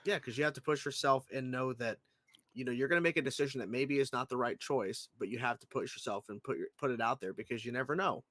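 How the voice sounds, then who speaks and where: A man hosting an interview, eager and friendly, asking loose rambling questions and chiming in with quick agreement. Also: medium pitch, a bit bright, no echo, studio quality. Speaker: host.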